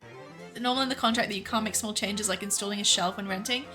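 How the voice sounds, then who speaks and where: A woman game streamer chatting casually with her viewers in a relaxed, easily laughing way. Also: medium pitch, fast, soft background music. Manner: relaxed, laughing, talks back to chat.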